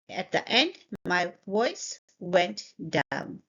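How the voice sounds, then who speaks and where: A woman's voice: mid-range voice, lively intonation, slow pace, lo-fi sound. A woman teaching spoken English, saying each sentence twice and explaining intonation. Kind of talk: slow, clear pronunciation lesson.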